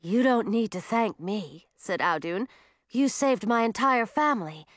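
Audun, a gentle young male dragon, as a woman reads him. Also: on the high side, expressive, a little slow, dry recording, studio quality. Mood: earnest.

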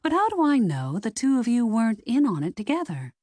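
A woman's voice: a little high, wildly swooping pitch, brisk, darkish tone, no echo, studio quality, pitched above the performer's own voice. A woman voicing a nosy young woman sleuth who asks blunt questions. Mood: demanding.

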